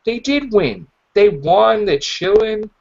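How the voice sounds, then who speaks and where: Animated rambling man on a podcast. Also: sits high, slow, vocal fry. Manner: rambling, acts out characters' lines in animated voices. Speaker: podcast host. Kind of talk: casual chat. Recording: dull lo-fi podcast audio.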